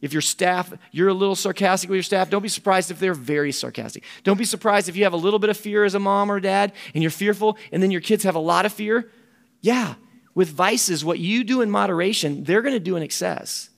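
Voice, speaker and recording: A man's voice: high-pitched, a little fast, creaky. A middle-aged man, a camp ministry director giving a folksy conference talk with quoted voices.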